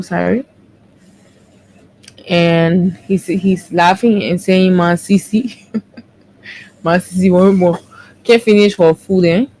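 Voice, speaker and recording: A woman, co-hosting a morning show and briskly reading out viewer comments, correcting herself as she goes. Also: on the low side, a little mellow, slight background noise, low-quality recording. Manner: brisk, with quick self-corrections.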